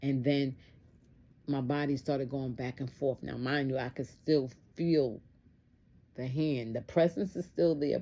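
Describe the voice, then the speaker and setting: A woman's voice: very deep voice, warm tone. A woman telling a personal testimony story in an earnest way, repeating phrases for emphasis.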